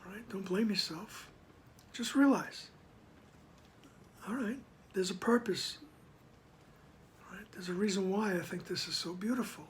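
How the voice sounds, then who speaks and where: A man reading a spiritual text aloud with reflective commentary. He is soft-spoken, often sinks to a whisper, reads slowly and with emphasis, and keeps checking in with the listener. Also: sits high, slight background noise. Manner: slow, emphatic reading of passages. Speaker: spiritual text reader and teacher.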